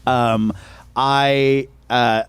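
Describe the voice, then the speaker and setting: A man co-hosting a comedy podcast, telling a story in an animated way with frequent laughs and casual swearing. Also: medium pitch, drawn-out words, smooth, dry recording. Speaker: podcast co-host, stand-up comedian.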